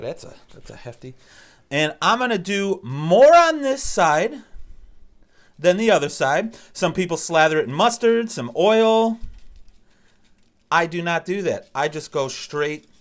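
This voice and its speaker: A man hosting a casual cooking demonstration, talking in an easygoing, instructive and encouraging way. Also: high voice. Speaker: cooking show host.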